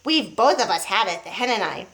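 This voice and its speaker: A woman voicing a shouting, cackling old grandmother in a storybook read-aloud. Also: mid-range voice, expressive, brisk, poor audio. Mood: gleeful. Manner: loud, gleeful cackle.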